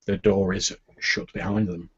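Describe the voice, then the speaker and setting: A man narrating scenes as game master of a tabletop game, measured and descriptive. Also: low-pitched, little pitch movement, slightly rough, muffled recording.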